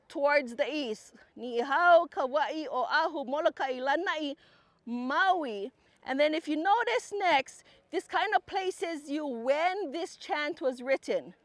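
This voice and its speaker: A woman's voice: high-pitched, dry recording. A woman teaching a group outdoors, explaining patiently and leading chanted verses. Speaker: cultural teacher.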